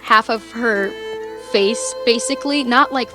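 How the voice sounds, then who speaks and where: A woman's voice: fairly high pitch, measured pace, over music. A sleep-deprived young woman casually recapping a tabletop game, laid-back and swearing. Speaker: player giving the recap.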